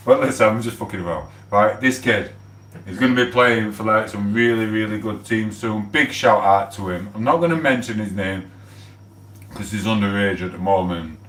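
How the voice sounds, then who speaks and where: A man, rambling and swearing casually as he gives shout-outs on his livestream. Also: on the low side, distant mic. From England. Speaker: livestream host. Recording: echoey room, off the mic.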